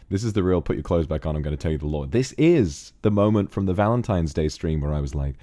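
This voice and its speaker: Deep, dark-voiced British man. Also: quick pace. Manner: relaxed, rambling, laughs often, hums to himself. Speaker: streamer. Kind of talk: casual chat reading donations.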